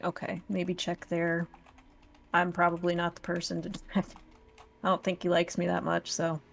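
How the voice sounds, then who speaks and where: Gravelly low-voiced woman player. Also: completely flat delivery, normal speed, a little hiss or hum. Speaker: tabletop game player. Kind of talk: casual in-character play.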